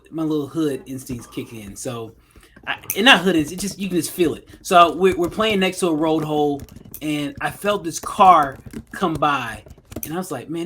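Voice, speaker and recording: Bright, punchy male podcast co-host. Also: on the high side, a little hiss or hum. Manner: loose, joking storyteller who breaks into laughter. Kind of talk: casual podcast banter.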